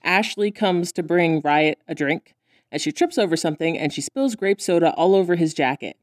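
A woman's voice: lowish voice, moderate pace, dry recording, clean studio sound. A woman co-hosting a casual podcast, recapping a cartoon and acting out the characters' lines in voices. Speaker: podcast co-host.

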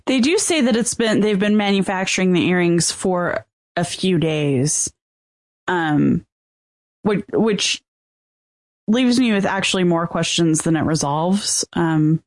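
A woman's voice: fairly low pitch, a little slow, dry recording. Mild-mannered woman on a podcast, dry sound. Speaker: podcast co-host. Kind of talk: casual chat.

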